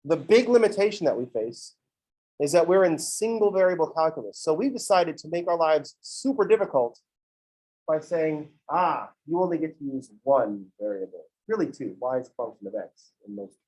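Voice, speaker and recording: A man lectures a math class in a relaxed, conversational way, and he wanders off into playful asides. His voice sits a little high for a man. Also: moderate pace, low-quality recording. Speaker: math teacher.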